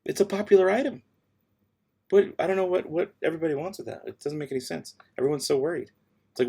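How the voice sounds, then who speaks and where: Man, gravelly voice, livestream host reading chat, offhand, sassy, relaxed. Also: sits high, fast talker. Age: adult with kids. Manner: offhand and sassy, answering chat between tasks. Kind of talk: casual livestream chat, reading viewer questions. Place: home room, late at night.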